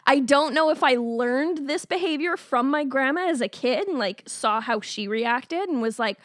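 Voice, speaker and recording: A young woman with a high voice co-hosting a podcast in a loose chat. She laughs often, swears, and acts out her own angry outbursts. The recording is dry and close. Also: lively intonation, normal speed, dry recording. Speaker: podcast co-host. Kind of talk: casual chat.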